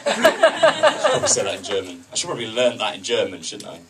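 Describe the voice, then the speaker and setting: A man's voice: fairly low pitch, huge pitch swings, fast talker, recorded from a distance, very noisy. A man doing open-mic stand-up in a comedy club, chatty with the crowd and wryly self-deprecating.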